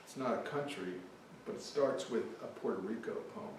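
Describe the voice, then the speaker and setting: Male poet, live reading, offhand chatter, distant mic in a boomy room. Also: moderate pace, a little hiss or hum. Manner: chatty, offhand asides between poems. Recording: echoey hall, mic from afar.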